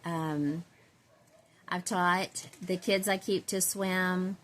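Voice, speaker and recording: A woman, talking to her viewers in a loose, rambling way. Her voice sits on the lower side, and she laughs easily between thoughts. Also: steady tone, drawn-out words, fairly bright tone. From Central Texas. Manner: rambling, chatty, laughs often, self-described country girl. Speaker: doll-collecting vlogger. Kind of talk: casual chat to viewers.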